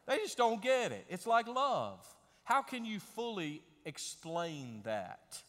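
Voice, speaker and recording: A male pastor delivers an impassioned sermon, swinging from hushed asides to loud, emphatic bursts. His voice sits fairly high for a man and rings through a large church with a long reverb. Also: very animated, a little slow. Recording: echoing church hall.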